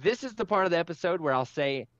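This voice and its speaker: A man's voice: a little high, expressive, quick pace, a bit bright, no room sound. A man co-hosting a podcast, talking casually and telling his reactions with emotion. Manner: emotional, enthusiastic storytelling. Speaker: podcast co-host. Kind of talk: casual chat. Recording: slightly dull dry sound.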